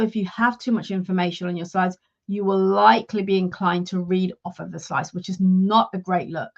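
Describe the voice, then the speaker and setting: A woman working as a leadership and career coach, giving a measured, instructive talk straight to her live viewers. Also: medium pitch, dull audio.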